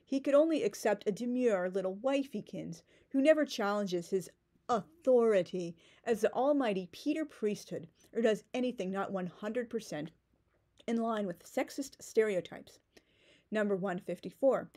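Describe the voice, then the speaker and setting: A woman's voice: mid-range voice, lively intonation, normal speed, dark tone. A woman ranting in a book-critique vlog, sarcastic and indignant, with many "like" fillers and restarts.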